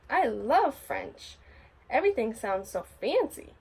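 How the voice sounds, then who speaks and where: A woman reading a children's picture book aloud in an expressive storytelling voice. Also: mid-range voice, moderate pace, slightly rough. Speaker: storybook reader.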